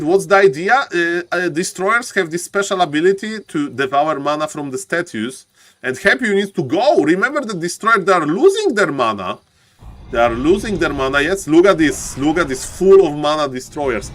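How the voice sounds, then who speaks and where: Excitable high-voiced male game caster. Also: moderate pace. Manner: excitable, keeps saying ladies and gentlemen, joking. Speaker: esports caster. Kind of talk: live game commentary.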